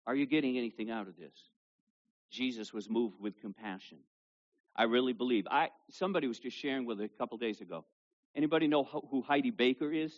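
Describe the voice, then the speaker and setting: A male pastor preaching a sermon to a congregation with kids present, reading scripture loudly and dropping low for asides. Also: fast, dull audio. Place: church service with children present.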